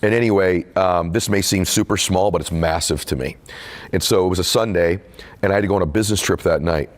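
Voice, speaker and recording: A man's voice: sits low, fast talker. A middle-aged man in a candid interview, telling a personal story in an earnest, confessional way. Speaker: podcast host and author being interviewed.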